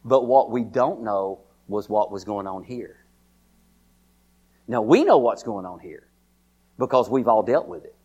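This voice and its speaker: A man preaching a sermon in a folksy, repetitive way, often calling out to listeners by name and rising to a high, excited pitch as he preaches. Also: a little slow, long pauses, husky, lo-fi sound.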